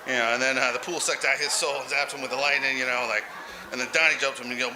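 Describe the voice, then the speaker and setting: Speaking very fast in a sharp, mid-range voice on a rough recording, this man rambles through a crude comic tale. He plays a lounge comedian who says he's eighty-five, chuckling at his own punchlines as he goes.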